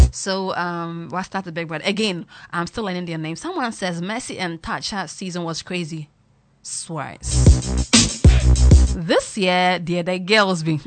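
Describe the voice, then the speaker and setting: A woman, chatting casually to her viewers in an animated way and mixing in local slang. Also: fairly low pitch, measured pace. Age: 20s. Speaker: vlogger commenting on a reality show. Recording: loud music playing behind.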